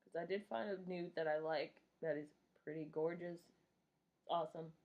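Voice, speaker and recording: A woman's voice: sits low, steady tone, normal speed, highs cut off. A woman in her thirties vlogging casually while doing her makeup, rambling, swearing and poking fun at herself. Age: 30s. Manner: rambling, profane and self-mocking.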